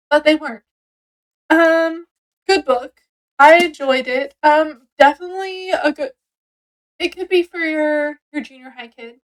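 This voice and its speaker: Slow high-voiced woman reviewing a book. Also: low-quality recording. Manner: rambling retelling full of likes and ums.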